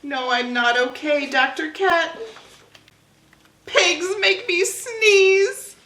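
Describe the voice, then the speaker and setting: A woman voicing an anxious male elephant in a picture-book read-aloud, with halting, dramatic, worried lines broken by sneezes. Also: extremely high pitch, sharp tone, roomy sound, heavily acted. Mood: glum.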